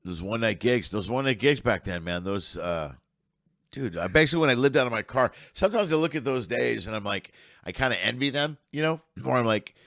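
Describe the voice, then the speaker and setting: A man's voice: mid-range voice, lively intonation, fairly quick, gravelly, a bit bright, no echo, studio quality. A middle-aged man who works as a comedian, telling rambling road stories in casual chat and swearing freely. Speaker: comedian guest.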